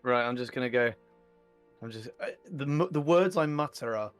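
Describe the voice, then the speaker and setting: A man's voice: mid-range voice, expressive, moderate pace, faint music behind. A man playing a tabletop game, joking playfully about his character. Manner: playful, jokey. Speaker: player. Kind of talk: playful tabletop role-play.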